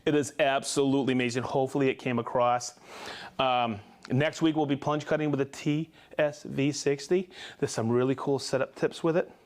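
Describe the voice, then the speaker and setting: A man hosting a live tool show in casual chat, upbeat and laughing often as he reads out viewer shout-outs. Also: medium pitch, fairly even intonation, a little fast.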